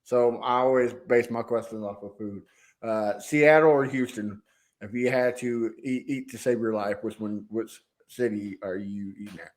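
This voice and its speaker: A man's voice: fairly low pitch, fairly even intonation, normal speed. A man co-hosting a fan podcast, asking questions in an easygoing way with hesitant fillers. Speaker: podcast co-host. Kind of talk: casual podcast chat.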